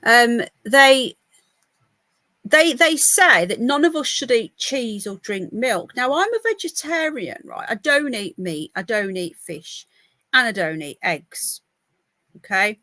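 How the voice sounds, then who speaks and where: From home by a window, a woman hosts a live news podcast on her laptop mic, reading the news in a casual, rambling chat that easily gets sidetracked. Her slightly high voice swings widely in pitch, with a slow pace, a sharp tone, and a dry recording.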